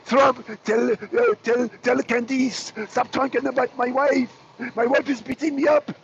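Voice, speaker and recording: A man's voice: extremely high pitch, level tone, measured pace, vocal fry, lo-fi sound, slight background noise, exaggerated voice. A man doing a whiny, pleading French president. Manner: whiny, begging, repeating himself.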